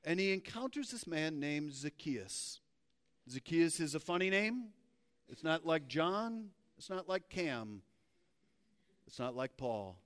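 Pastor, male, high-pitched and unhurried, lively storytelling sermon, church hall with long reverb. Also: clear, resonant tone. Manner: animated, playful storytelling preacher. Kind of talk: sermon with scripture reading. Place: church sanctuary.

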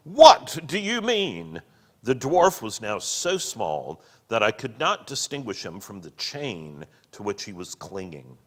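A man reading a book aloud and commenting on it, slow and expressive. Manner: slow and expressive, with wide pitch swings. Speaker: reader and teacher. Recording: long hall reverb.

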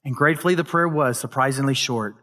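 A male pastor preaching a sermon, retelling a scripture story with dramatic emphasis and occasional loud peaks. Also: mid-range voice, fast talker.

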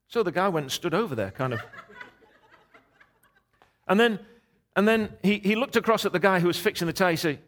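A middle-aged man preaching as a guest, telling a story in a lively, animated way and voicing the people in it. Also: a little high, fast talker. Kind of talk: sermon storytelling.

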